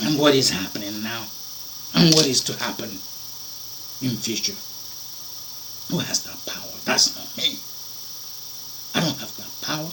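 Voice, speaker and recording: A man preaching an impassioned sermon, swinging between loud declamations and hushed, almost whispered lines. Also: mid-range voice, animated, measured pace, long pauses, noisy background. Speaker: spiritual preacher.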